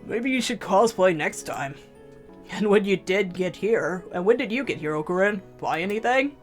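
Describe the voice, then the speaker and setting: A woman voicing an excitable young male otaku friend in a visual novel read-aloud, with a loose, blunt, emotional manner. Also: medium pitch, moderate pace, soft background music, natural voice. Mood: casual.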